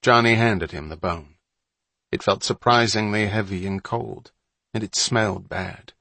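A man reading a storybook aloud as an audiobook narrator, in steady, measured scripted narration. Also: fairly low pitch, vocal fry, dry recording.

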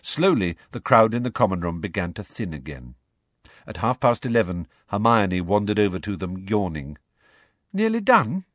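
Lively low-voiced male storyteller. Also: no echo. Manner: measured and expressive. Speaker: audiobook narrator. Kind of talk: storybook narration.

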